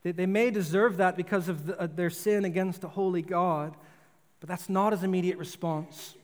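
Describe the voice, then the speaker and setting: A man's voice: high voice, steady tone, normal speed. A man preaching a sermon in earnest, often repeating words and restarting phrases as he goes. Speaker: pastor. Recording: long hall reverb.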